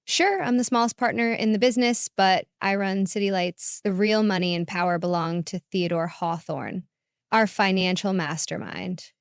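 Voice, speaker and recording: A woman narrating a first-person story in a calm, reflective way. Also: medium pitch, normal speed, clear, resonant tone, no room sound, clean studio sound.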